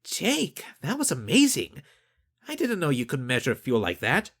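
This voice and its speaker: A man voicing a blunt, skeptical young woman on a spaceship crew, pitching his voice up into a lighter register. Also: wildly swooping pitch, measured pace, a bit bright, breathy edge, exaggerated voice.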